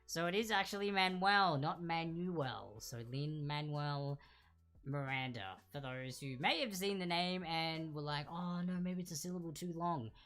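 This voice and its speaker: Chatty woman hosting a trivia quiz. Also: low voice. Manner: chatty, repeats each answer slowly and clearly. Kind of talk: casual live online quiz hosting.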